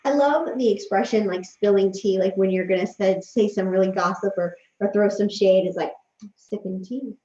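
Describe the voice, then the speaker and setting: A woman talks through self-care tips in a relaxed, chatty vlog, gentle and reassuring, with a mid-range voice. The sound is roomy and a little dull, as from a quiet home room with a desk mic. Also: mid-range voice, brisk, few pauses. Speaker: vlogger giving self-care advice. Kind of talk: casual advice vlog. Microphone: desk microphone.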